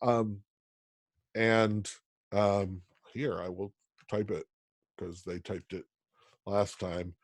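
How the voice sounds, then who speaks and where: A man from Pennsylvania teaching an online college class, talking in a halting way with many ums and restarts. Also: on the low side, little pitch movement, no echo. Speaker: college instructor.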